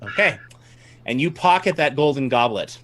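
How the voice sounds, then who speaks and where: A man's voice: mid-range voice, expressive, moderate pace, fairly bright tone. A man running a tabletop game as game master, narrating the scene to his players and laughing often.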